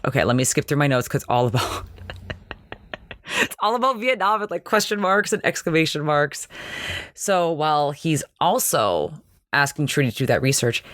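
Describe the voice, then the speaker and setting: Fast-talking nerdy podcast host, dry mic. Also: mid-range voice, a bit bright, no echo. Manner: fast, chatty and nerdy, laughing at own nitpicks. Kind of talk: casual TV episode recap.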